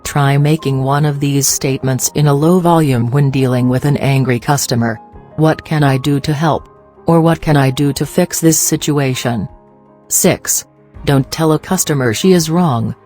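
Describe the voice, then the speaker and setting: A narrator reading a business training script in a measured, instructional way. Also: mid-range voice, a little mellow.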